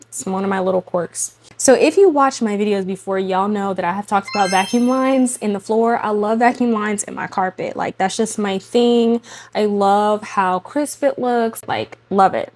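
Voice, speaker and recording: A young adult woman talks to camera in a relaxed, chatty way, mixing light humor with personal faith reflection. She laughs often and speaks directly to the women watching, in an easy conversational tone. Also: medium pitch, normal speed, a little hiss or hum. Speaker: faith and lifestyle vlogger, mother. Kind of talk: casual faith talk to camera.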